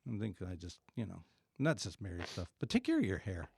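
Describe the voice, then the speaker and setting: Man, middle-aged, joking podcast chat, lively swooping pitch, dry close sound. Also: quick pace, vocal fry, breathy edge, no echo. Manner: joking, animated storyteller who acts out quoted voices. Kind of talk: casual chat.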